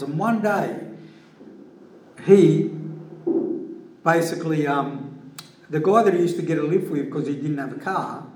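A man's voice: on the high side, a little mellow, slight background noise. A middle-aged man telling an earnest, rambling personal testimony in casual speech. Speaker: Christian giving a personal testimony. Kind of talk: casual spoken testimony storytelling. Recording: echoey room from a distance.

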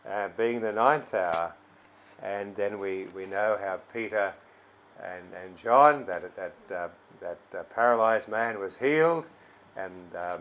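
A man preaching a sermon, pausing and repeating words, reading scripture louder than he speaks. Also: rough recording. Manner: slow and halting, repeats words, reads scripture louder and higher.

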